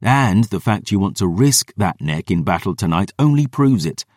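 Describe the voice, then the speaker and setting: A gruff, world-weary veteran warrior, voiced by a male narrator in an audiobook, speaking bluntly and cursing freely. His voice sits very deep and rises and falls with lots of movement. The sound is close and dry. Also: lively intonation, moderate pace, darkish tone, dry recording. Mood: grim. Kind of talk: audiobook character voice.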